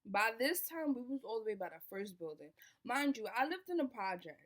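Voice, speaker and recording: A young woman telling a personal story in a casual storytime, animated and swearing, acting out what people said. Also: fairly high pitch, fairly quick. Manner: animated, swearing, acts out quoted lines. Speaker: vlogger.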